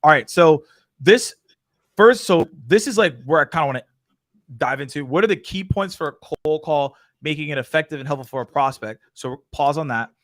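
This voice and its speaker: A male host with a somewhat high voice runs the questions in an upbeat, casual way. His voice sounds dry and close, with little room around it. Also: expressive, normal speed, no room sound. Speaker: podcast host. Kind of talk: casual chat.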